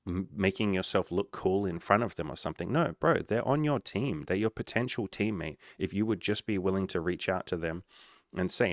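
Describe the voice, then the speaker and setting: A man's voice: sits low, a little fast, no room sound, studio quality. A man giving blunt, profane dating advice as a coach, often acting out little dialogues. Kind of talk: casual advice monologue.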